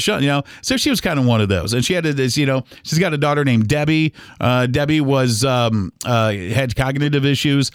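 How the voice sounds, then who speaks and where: A man's voice: mid-range voice, fairly quick, few pauses, smooth, no echo, studio quality. A middle-aged man from Ohio reminiscing about his old neighborhood in a casual, rambling monologue full of fillers and restarts. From Toledo, Ohio. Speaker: podcast host.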